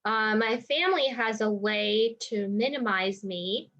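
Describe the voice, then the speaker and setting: A woman's voice: fairly high pitch, unhurried, a bit bright. A woman healer talking through a personal experience in a reflective vlog, circling her thoughts with many "like" and "you know" asides. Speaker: energy healer. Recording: dull lo-fi sound.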